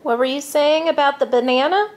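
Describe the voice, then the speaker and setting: A young adult mother films a casual home vlog indoors, playfully using baby talk with her son and her cat. Her voice is high-pitched and a little fast, with slight background noise.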